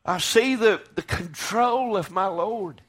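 A man preaching a sermon, swinging from loud, fervent declaiming to hushed, quiet lines. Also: sits high, slow, slightly rough.

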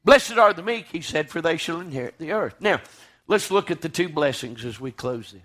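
A man preaching a sermon, swinging from loud, fervent declaiming to hushed, quiet lines. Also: a little high, lively intonation, fairly quick.

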